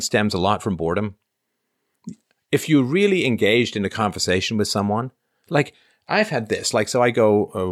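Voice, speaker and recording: A man's voice: deep voice, fairly bright tone, dry recording, studio quality. A man in his fifties hosting a casual livestream, reading viewer comments aloud and answering in a rambling, self-interrupting way.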